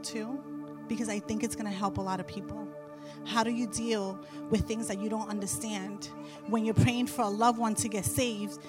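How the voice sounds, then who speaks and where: A middle-aged woman sharing a Christian testimony with an audience, telling her story in an animated way and repeating phrases for emphasis. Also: medium pitch. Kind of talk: faith testimony told to an audience.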